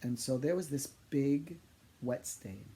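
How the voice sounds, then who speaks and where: Gravelly man telling funny stories. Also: medium pitch, takes it slowly. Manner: animated, self-deprecating, chatty. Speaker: psychic medium. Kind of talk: storytelling monologue to camera.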